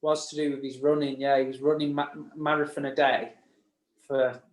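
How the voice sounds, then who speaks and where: A man's voice: mid-range voice, little pitch movement, normal speed. A man co-hosting a casual podcast chat, rambling through stories with frequent laughs and restarts. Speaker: podcast co-host. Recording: echoey room.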